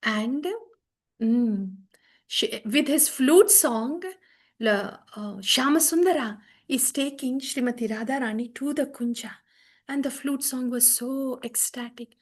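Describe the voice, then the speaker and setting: A middle-aged woman giving a devotional scripture class, telling the story with animated, acted-out quotes. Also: fairly high pitch, takes it slowly. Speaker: spiritual teacher.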